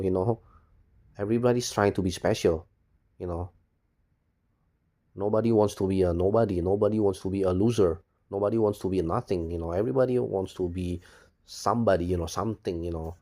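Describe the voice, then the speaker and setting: A bitter, cynical video blogger rambles through a personal monologue, repeating himself, swearing, and saying "you know" constantly. His voice is deep and darkish, with fairly even intonation and a moderate pace.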